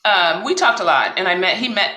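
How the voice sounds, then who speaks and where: A woman telling her personal story as a podcast guest, animated and acting out the dialogue she recalls. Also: medium pitch, a little fast, reverberant, poor audio. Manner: animated retelling, acts out quoted dialogue.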